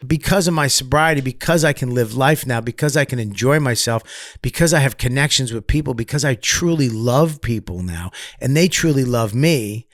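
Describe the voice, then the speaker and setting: A man, a comedian guest on a podcast, telling candid stories in a profane, animated way, swinging between loud bursts and quiet asides. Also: medium pitch, moderate pace, no room sound, clean studio sound. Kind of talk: candid storytelling.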